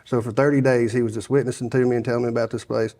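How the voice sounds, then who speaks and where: Talking rapid-fire in a dark, medium-pitched voice with little pitch movement, a middle-aged guest from Sevier County, Tennessee, tells his life story as testimony. The interview is casual, and he rambles with many restarts and plenty of "you know"s.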